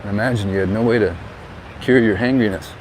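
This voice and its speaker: A man's voice: fairly low pitch, fast, poor audio. Chatty man vlogging outdoors. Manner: chatty, relaxed tour-guide commentary. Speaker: vlogger and real estate agent. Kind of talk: casual walking vlog narration. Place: outdoors by a harbor and town street. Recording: outdoor street noise.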